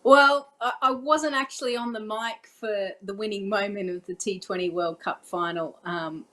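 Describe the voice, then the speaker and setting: A woman, a former cricketer turned commentator, telling a story in relaxed chat with a lot of ums. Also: mid-range voice, moderate pace. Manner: chatty, frequent ums, acts out her own on-air call.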